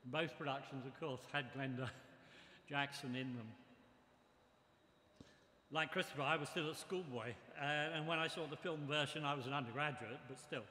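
An older man giving a memorial tribute speech, reminiscing in a measured way. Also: a little high, sharp tone. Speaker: memorial speaker. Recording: echoey hall with long reverb.

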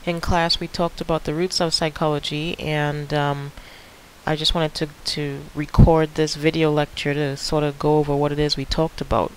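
A man's voice: on the high side, flat delivery, normal speed, rough recording. A male teacher recording a video lecture, talking casually with frequent fillers and restarts. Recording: faint hiss.

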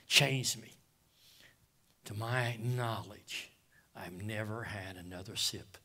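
Bright-voiced pastor preaching with fervor. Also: male voice, on the low side, slow pace, long pauses. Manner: swings from hushed, near-whispered confession to loud impassioned preaching; addresses listeners as "guys" with call-outs of "Amen?". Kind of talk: sermon.

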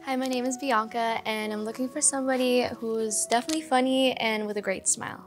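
A young woman with a high voice and a cheeky, joking manner, bantering on a dating show. Music plays clearly behind her. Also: steady tone, a little fast. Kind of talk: casual group banter.

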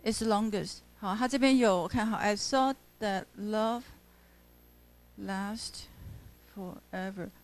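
A woman university lecturer with a Taiwanese Mandarin accent, switching between Mandarin and English in class, pausing often and stressing words as she scans poetry. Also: medium pitch, a little hiss or hum. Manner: halting, many "uh" fillers, stresses words while scanning poetry.

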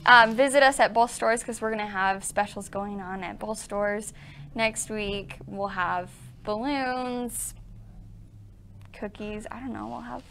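A woman's voice: medium pitch, steady tone, unhurried, vocal fry, fairly bright tone, a little hiss or hum. A young woman co-hosting a quilt shop livestream, bubbly and gushing, laughing often as she chats. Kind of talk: casual livestream chat.

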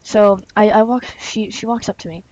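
A woman's voice: medium pitch, steady tone, normal speed, darkish tone, a little hiss or hum. A woman vlogger telling a story in a casual, chatty way, with many fillers and some laughter. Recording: dull lo-fi recording.

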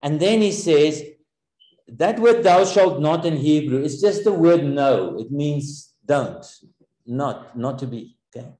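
A man preaching a sermon, earnest and explanatory, with a somewhat high but mellow voice. He pauses often to search for words. The sound carries the echo of a room. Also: lively intonation.

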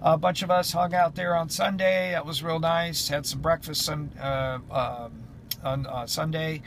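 A man's voice: a little high, level tone, unhurried, fairly bright tone, a little hiss or hum. A man who drives runs chatting casually in a vlog update, rambling with many fillers and restarts. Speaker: truck driver vlogger.

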